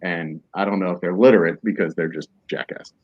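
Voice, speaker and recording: A man's voice: low-pitched, fairly quick, slightly rough. A man hosting a podcast in casual chat, rambling through jokey, mock-serious tangents. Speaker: podcast host. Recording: dull lo-fi, dry.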